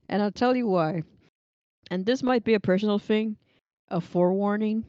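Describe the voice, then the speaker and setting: At her desk, a young woman streamer reads chat aloud, rambling and laughing along. Her mid-range voice is smooth and mellow at a normal pace, recorded close and dry, though the stream audio sounds slightly dull and muffled.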